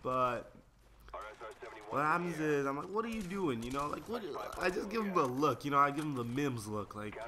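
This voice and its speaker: A man's voice: medium pitch, animated, normal speed, crowd noise. A young man rambling through casual gameplay commentary and stories, slangy and easily sidetracked. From United States. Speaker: gaming video creator.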